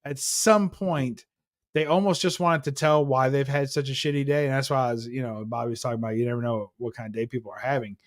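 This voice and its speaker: A man's voice: mid-range voice, fairly even intonation, quick pace, no room sound, clean studio sound. Profane man telling a heated story. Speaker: host. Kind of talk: casual chat.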